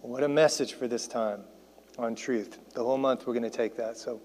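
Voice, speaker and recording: A male pastor delivers an earnest sermon and altar call. He repeats key phrases and slips into soft, hushed prayer. His voice carries a long reverb from a large hall. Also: medium pitch, fairly even intonation, normal speed.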